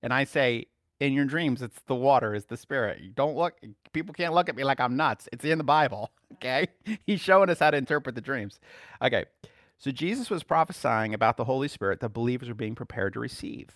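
A man's voice: mid-range voice, animated, fairly quick, fairly bright tone, dry recording, studio quality. A male preacher teaching a sermon to a small group, asking rhetorical questions and chuckling often as he talks.

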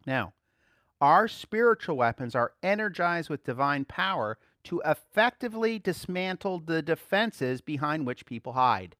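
Male pastor, lively sermon delivery, slightly raised pitch, dry close sound. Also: no echo. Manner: conversational preaching, rising to emphatic bursts; frequent rhetorical check-ins.

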